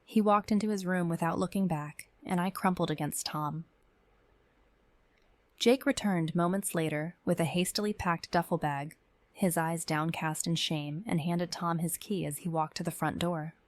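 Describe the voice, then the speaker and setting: A woman giving measured, tense first-person narration of a scripted horror story. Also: fairly low pitch, steady tone, no echo.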